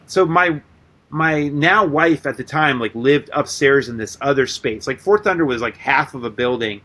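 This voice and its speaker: A man guest on a radio interview, telling rambling stories in a loose, animated way, full of "like" and casual swearing. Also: a little high. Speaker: guest artist and musician.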